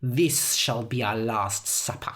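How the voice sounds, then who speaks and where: A woman's voice: extremely low pitch, slow pace, fairly bright tone, voice pushed down, heavily acted. A woman voicing a cruel, scheming old female witch in a storybook reading, speaking in a cold, commanding and scornful way.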